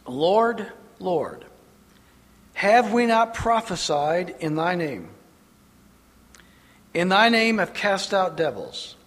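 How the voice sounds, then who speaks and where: A man preaching a sermon, emphatic, pressing his listeners with rhetorical questions. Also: on the high side. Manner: emphatic, rhetorical questions, slow deliberate delivery. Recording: long reverb of a large hall.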